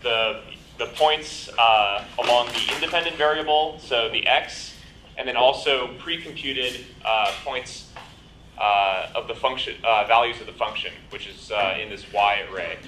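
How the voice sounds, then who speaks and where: Echoey, bright-voiced male lecturer. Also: medium pitch, unhurried. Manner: explains with many ums and you-knows, asks "right?". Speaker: bootcamp instructor. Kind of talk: live lecture with coding demo. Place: lecture hall. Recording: echoey lecture room with faint noise.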